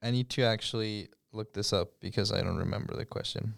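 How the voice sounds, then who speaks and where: A man's voice: fairly low pitch, a little fast, gravelly, a bit bright, no echo, clean studio sound. A young man co-hosting a podcast, asking the questions and giving short, amused replies. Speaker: podcast co-host. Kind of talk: casual chat.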